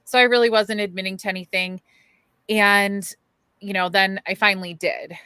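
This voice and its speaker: A woman from Chicago, a paranormal investigator, chatting as a podcast guest in a relaxed way full of fillers. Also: mid-range voice, moderate pace, clean tone, no echo. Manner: relaxed, many "you know" fillers. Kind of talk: casual interview chat.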